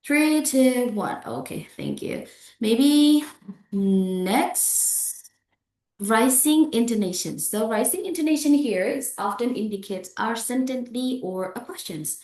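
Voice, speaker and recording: A woman's voice: a little high, animated, unhurried, a little mellow. A woman giving a pronunciation lesson as an English lecturer. She repeats example phrases and checks in with "yeah?". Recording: echoey room.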